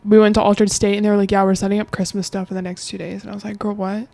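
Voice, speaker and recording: A woman's voice: mid-range voice, little pitch movement, very fast, creaky, dark tone, no room sound. A young adult woman co-hosting a podcast in a home kitchen, bubbly and joking in casual chat, full of likes and ums. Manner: bubbly, joking, filler-heavy. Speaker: podcast co-host.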